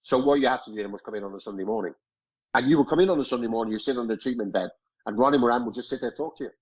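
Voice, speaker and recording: A husky middle-aged man recounts old stories in loose, casual chat, peppered with swearing and chuckles. The audio is dull and lo-fi, like a modest podcast recording. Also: medium pitch, racing. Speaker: former footballer, guest. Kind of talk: casual anecdote telling.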